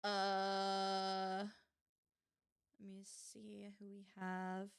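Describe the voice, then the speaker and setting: A woman's voice: mid-range voice, completely flat delivery, drawn-out words, gravelly, clean tone, no echo, studio quality. A young woman live-streaming a video game, reading its text aloud and chatting casually and emotionally with her viewers, laughing and swearing often.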